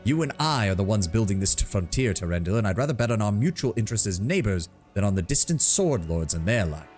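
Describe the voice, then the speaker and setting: A man's voice: fairly low pitch, very animated, fast, a little mellow, faint music behind. A man voicing a jovial, burly frontier lord who is friendly and shrewd, speaking in a hearty, talkative way.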